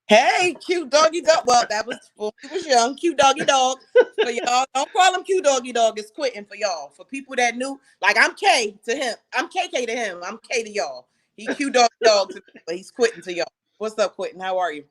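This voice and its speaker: Lively New woman, co-host on a casual livestream, slangy, bursts of speed. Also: fairly high pitch, a little fast. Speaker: co-host and author.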